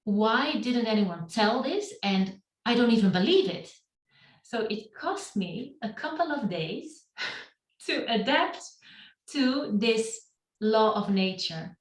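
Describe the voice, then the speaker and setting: A woman's voice: fairly high pitch, very animated. A middle-aged woman, speaking on a video call, giving a reflective talk about her own life to a meetup. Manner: slow, reflective storytelling. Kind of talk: personal storytelling talk. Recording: roomy and distant from the mic.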